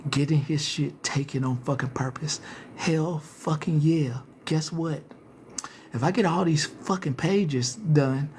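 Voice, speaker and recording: A man's voice: a little high, a little hiss or hum. A man hosting a live stream, ranting casually and cursing heavily as he taunts his viewers directly and rambles through many restarts.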